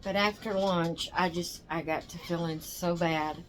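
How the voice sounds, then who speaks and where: A woman's voice: lowish voice, fairly even intonation, unhurried, background noise. An older woman who hosts a doll channel, chatting casually to camera in a rambling, tired way, yawning as she talks. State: exhausted.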